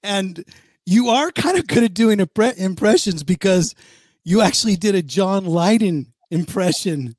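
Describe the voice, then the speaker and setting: A male podcast host asks chatty, rambling questions in a casual interview. His voice is quite high for a man. The recording is dry and close, with no room sound. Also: animated, unhurried, no echo.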